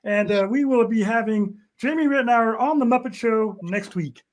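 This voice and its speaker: A cheerful little frog puppet speaks in a very high, chipper voice, as a man puts it on for a comic impression. He is earnest and hesitant, with drawn-out pauses.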